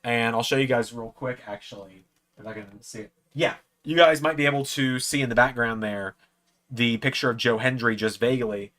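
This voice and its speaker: A man rambling through a casual anecdote, his pitch sitting right in the middle. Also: moderate pace, a bit bright. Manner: rambling anecdote, acts out quoted lines in a raised voice. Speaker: watch-along host. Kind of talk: casual storytelling.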